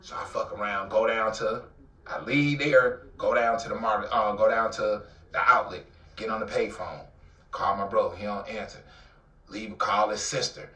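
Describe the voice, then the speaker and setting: A man with an Atlanta accent telling a dramatic personal story in an interview, acting out the voices and swinging between loud outbursts and near-whispers. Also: fairly low pitch, fairly even intonation, moderate pace. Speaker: guest telling his life story. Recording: roomy, somewhat distant mic.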